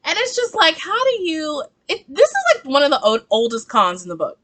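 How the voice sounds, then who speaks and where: A woman hosting a casual reaction video, chatty and sassy. Her voice is high and bright, and her pitch leaps around with animated energy. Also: fairly quick. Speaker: book reviewer and reaction host.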